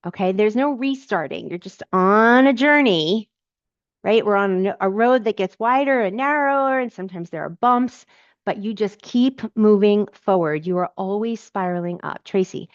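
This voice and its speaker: A woman's voice: mid-range voice, expressive, normal speed, dry recording. Encouraging woman coach, dry dull sound. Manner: encouraging, emphatic, repeats key phrases. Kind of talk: live Q&A, reading out and answering comments.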